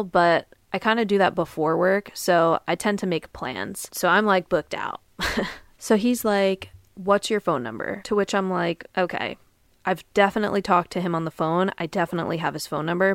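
A woman's voice: lowish voice, no room sound, clean studio sound. A young woman hosting a podcast, telling a dating story in a blunt, profane, heated casual monologue. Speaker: podcast host.

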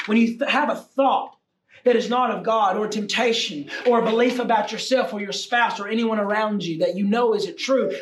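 A man preaching a sermon with passion, swinging from shouts down to near-whispers. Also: sits high. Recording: echoey room, distant mic, faint noise.

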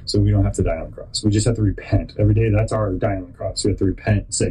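A man's voice: on the low side, a little hiss or hum, low-quality recording. A man hosting a podcast, giving a rambling faith-based motivational talk, often stopping and restarting mid-thought and telling stories with animation. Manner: rambling, halting, self-interrupting; animated storyteller. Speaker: podcast host.

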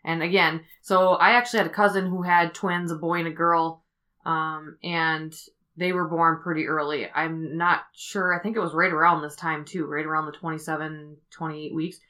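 A woman hosting a podcast, telling a story in a casual, rambling way with many fillers as she thinks out loud. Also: sits low, little pitch movement, normal speed. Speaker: podcast host.

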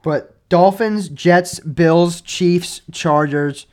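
A man co-hosting a casual sports podcast, opinionated and excitable, tossing out quick takes and agreeing often with "yeah". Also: high voice.

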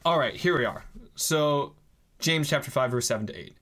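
A man's voice: on the high side, moderate pace, sharp tone. A young man in his twenties hosting a faith podcast in a casual, playful way. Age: 20s. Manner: playful, reading scripture aloud. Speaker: podcast host.

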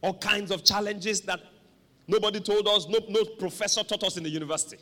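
A male pastor, his voice high and bright as he preaches with dramatic, animated flair. He calls out to the congregation for responses. His voice rings with the long echo of a large church hall. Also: fairly quick. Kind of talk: sermon.

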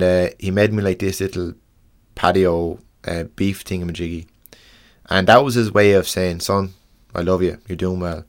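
A young Irish man hosting a podcast, talking earnestly and frankly in a halting way, restarting and swearing as he goes. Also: low voice. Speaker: podcast host. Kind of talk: casual podcast monologue.

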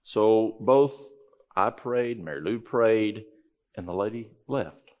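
A man's voice: fairly low pitch, animated, slow, narrow, tinny audio. A man giving a conversational, folksy talk to a live audience, telling a story with frequent restarts. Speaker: health ministry speaker.

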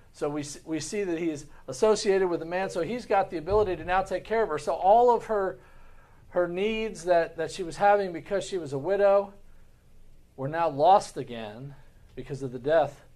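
A man's voice: fairly high pitch, a little mellow. A man, a pastor, teaching a Sunday school class in an earnest way, often repeating words and putting rhetorical questions to the class.

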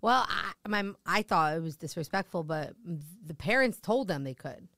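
A young adult woman from New Jersey, a comedian guest on a casual podcast, telling animated family stories, laughing often and losing her thread. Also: on the low side, normal speed, no echo, studio quality.

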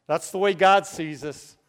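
A man from the United States preaching a sermon to his congregation in earnest, often chuckling and slowing down to stress key words. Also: high voice, fairly bright tone, clean tone, in a large hall. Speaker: pastor. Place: church room with congregation.

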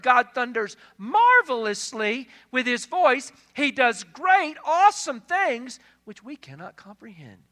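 A man preaching a sermon, emphatic, swinging between hushed passages and loud, stressed lines. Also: extremely high pitch. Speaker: pastor.

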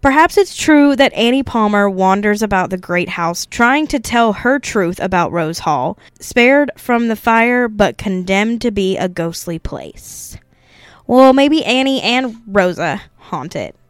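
A woman's voice: mid-range voice, expressive, a little slow, clear, resonant tone, no room sound. Woman co-host reading ghost stories. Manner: reads notes, chats and laughs along. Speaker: podcast co-host and storyteller. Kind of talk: reading a ghost story on a podcast.

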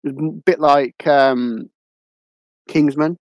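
A man's voice: fairly high pitch, steady tone, slow pace, no room sound, poor audio. A man co-hosting a film podcast, giving blunt opinions with frequent fillers and restarts. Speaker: podcast co-host. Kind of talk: casual film review chat. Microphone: podcast mic.

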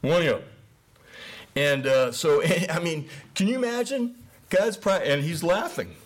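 A man's voice: on the high side, lively intonation, moderate pace, a little hiss or hum. A middle-aged man giving an informal, conversational sermon, often slipping into the voices of the people he describes. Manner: casual, conversational, acts out voices of biblical figures. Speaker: preacher.

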